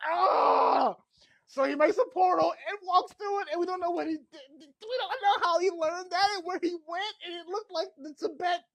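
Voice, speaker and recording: A man giving a casual spoiler recap of a TV episode, rambling and excitable, short on sleep. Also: extremely high pitch, dry recording. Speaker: TV show reviewer.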